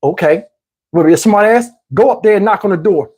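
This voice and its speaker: A man voicing his stern older grandfather, giving gruff, bossy commands to a boy. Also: high-pitched, quick pace, darkish tone.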